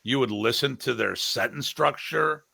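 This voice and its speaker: A man's voice: medium pitch, moderate pace, gravelly, husky, no echo. A middle-aged man, a martial arts instructor, telling stories in a casual podcast discussion and often mimicking others. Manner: animated storyteller, mimics others' voices.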